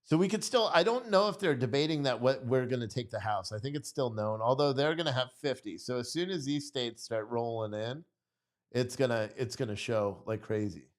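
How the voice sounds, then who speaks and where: A man's voice: mid-range voice, lively intonation, normal speed. A tired man hosting a live stream, rambling through casual commentary and swearing freely. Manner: rambling and profane.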